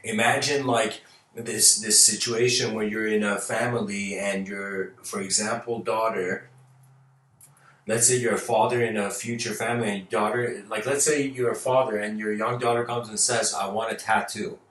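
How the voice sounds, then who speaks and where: A man's voice: lowish voice, fairly even intonation, normal speed, fairly bright tone. A man giving a casual, rambling lecture, playfully acting out little scenes and laughing often. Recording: roomy echo, mic at a distance.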